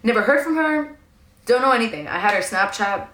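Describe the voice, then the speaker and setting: Animated slangy New woman, echoey room. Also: a little high, a little fast. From New York. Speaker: storyteller. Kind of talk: casual storytime monologue. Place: at home indoors.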